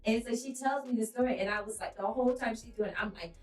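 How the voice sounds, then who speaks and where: A woman's voice: a little high, fast, roomy sound, distant mic, low-quality recording. A woman co-hosting a faith-based podcast, talking in an emphatic, preacherly way and telling stories with animation. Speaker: podcast co-host.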